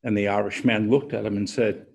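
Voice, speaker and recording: A man preaching a sermon as an unhurried storyteller, pausing deliberately as he leads into his point. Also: lowish voice, fairly even intonation, gravelly, a little mellow, husky. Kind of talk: sermon with a told joke.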